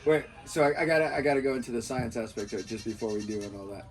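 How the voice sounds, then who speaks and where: A male podcast host speaks at an ordinary pitch. He is upbeat and casual, explaining ideas to his listeners with enthusiasm. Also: very fast, a crowd in the background.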